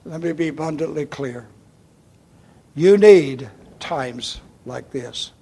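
A man's voice: fairly high pitch, slow pace, husky. An older man pastor delivering an emphatic sermon, addressing the congregation as folks and checking in with okay. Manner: emphatic, repeats "okay?" and "folks", swings from loud to hushed.

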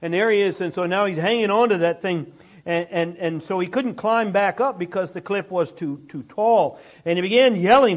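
A man with a strikingly high voice preaching a sermon. He talks to his congregation conversationally, stumbling over and repeating words, then presses hard on rhetorical questions. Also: brisk. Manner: conversational preaching with frequent repetitions and restarts; rising emphatic delivery on rhetorical questions. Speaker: pastor.

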